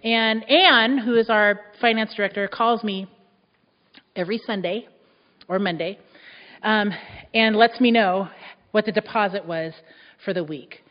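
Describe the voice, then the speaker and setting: A woman pastor preaching a sermon, emphatic and repeating key phrases, her voice rising loud and dropping soft. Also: medium pitch, unhurried, pauses often. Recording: echoey hall, dull muffled sound.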